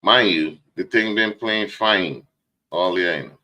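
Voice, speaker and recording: A man's voice: sits low, slow pace, bright, forceful tone. A man hosting a live stream interview in casual, joking chat, wearing headphones. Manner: loose, joking, talks over troubles with his setup. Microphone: headset with headphones.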